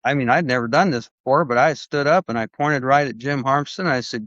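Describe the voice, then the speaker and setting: A man speaking as a guest on a podcast, telling a story in a loose, rambling way and stopping often to restart. He acts out the people he quotes as he goes. His voice sits mid-pitch and comes through a dull, lo-fi recording with no room echo. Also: brisk, few pauses, a bit bright. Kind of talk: conversational storytelling.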